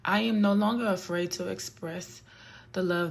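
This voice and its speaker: A woman's voice: on the low side, fairly even intonation, moderate pace. A woman vlogger giving a casual, earnest faith talk that often repeats her points and turns preachy.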